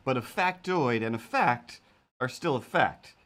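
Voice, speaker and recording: A man with a mid-range, slightly bright voice speaks in an animated yet unhurried way. He's drawing during a live stream, rambling playfully in casual chat and addressing imaginary cats.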